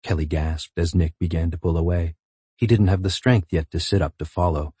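A man narrating a novel in a measured, intimate reading. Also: deep voice, fairly even intonation, warm tone, husky, dry recording. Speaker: audiobook narrator. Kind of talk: scripted narration.

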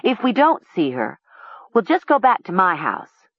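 A woman's voice: mid-range voice, sing-song, normal speed, no echo, lo-fi sound, voice pushed up. A woman voicing an anxious teenage girl who frets and worries aloud. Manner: anxious, fretful.

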